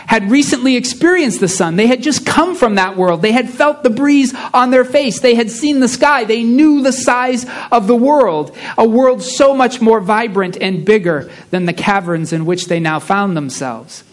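A man preaching a sermon, reading a story aloud with slow, hushed emphasis on key lines. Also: extremely high pitch.

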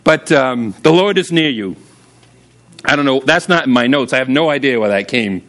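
A man preaching a sermon as pastor, casual and humorous, telling stories and often jumping up high for emphasis. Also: lively intonation, normal speed, fairly bright tone.

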